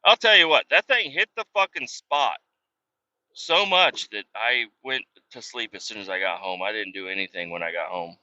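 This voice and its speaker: A podcast host in his thirties delivers a casual storytelling monologue full of rambling, profane anecdotes, acting out what others said. His fairly low voice is animated, bright, and forceful at a moderate pace. The sound is dull and lo-fi.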